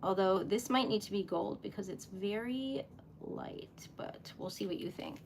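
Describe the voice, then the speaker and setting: Making wax seal stickers live, a young host chats casually, gently mocks herself, giggles, and gushes eagerly over her work. She uses a mid-range voice at a measured pace against a noisy background.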